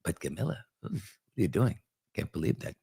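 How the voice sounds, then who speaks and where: A man's voice: sits low, very animated, a little fast, gravelly, dark tone, breathy edge, pitched below the performer's own voice, heavily acted. A man doing a brash blustering tycoon. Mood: boastful. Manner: brash, gossipy, repeats words for emphasis. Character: boastful blustering older male tycoon-politician.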